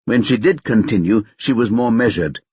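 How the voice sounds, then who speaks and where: Low, husky male audiobook narrator. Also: moderate pace, a little mellow, no room sound. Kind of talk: scripted narration. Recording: dull lo-fi dry recording.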